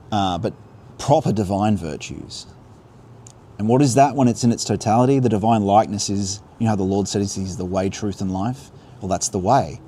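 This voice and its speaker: A man with a fairly low, warm voice gives an unscripted spiritual talk on a livestream outdoors by river rapids, sincere and musing, often restarting his thoughts. Faint rushing water runs in the background.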